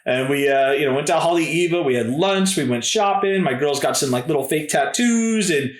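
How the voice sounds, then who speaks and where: A man's voice: a little high, expressive, moderate pace, reverberant. A man in his thirties, a podcast guest telling stories in a casual, laid-back way and often calling people "dude" and "man". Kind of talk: casual storytelling.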